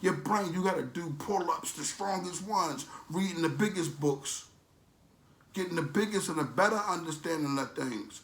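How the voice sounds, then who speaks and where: A man's voice: on the high side, moderate pace, fairly bright tone, echoey room. A man ranting in a preachy, motivational way as a vlogger, with emphatic, streetwise, repetitive phrasing. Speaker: vlogger promoting a supplement.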